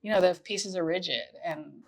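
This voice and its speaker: A woman's voice: fairly low pitch, normal speed, slight background noise. A woman fashion designer talking through her process on a panel, thoughtful and practical, thinking aloud. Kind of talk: casual panel conversation.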